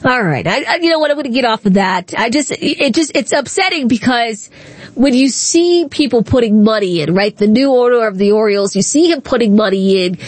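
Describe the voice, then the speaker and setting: A woman's voice: fairly high pitch, expressive, a little fast, dry recording. A woman hosting a radio talk show, taking calls and giving her opinions in a conversational way. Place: radio studio.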